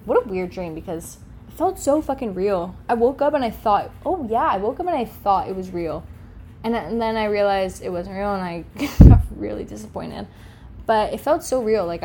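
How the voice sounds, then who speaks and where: A woman's voice: mid-range voice, dark tone, slight background noise. A young woman vlogger telling stories casually, swearing freely and venting with exasperation. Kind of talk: casual storytelling.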